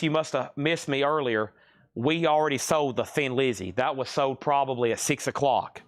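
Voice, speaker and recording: A man's voice: medium pitch, no room sound. Man calling prices in a dry, close sound. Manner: brisk price callouts mixed with chatty self-deprecating asides; addresses buyers by name. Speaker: host selling records on a livestream. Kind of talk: live auction sales patter.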